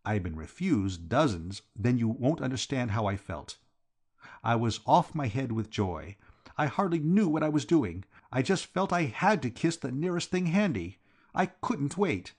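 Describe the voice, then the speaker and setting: A man voicing a frantic, rattled young gentleman in an audiobook reading. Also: mid-range voice, big pitch swings, unhurried, husky. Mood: frantic, rueful.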